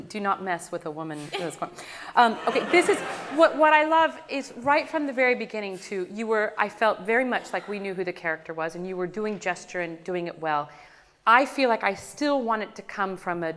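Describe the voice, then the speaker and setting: A woman coaching a singer in a master class, animated and breaking into sung demonstrations. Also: mid-range voice, moderate pace, in a large hall, a little hiss or hum. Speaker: voice teacher.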